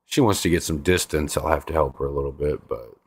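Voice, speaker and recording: A man's voice: extremely low pitch, fast talker, breathy edge, no room sound. A laid-back man hosting a casual livestream, chatting with viewers in a rambling way and repeating his words. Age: adult with a five-year-old. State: stiff sore neck. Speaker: livestream host. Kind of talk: casual chat reading viewer comments.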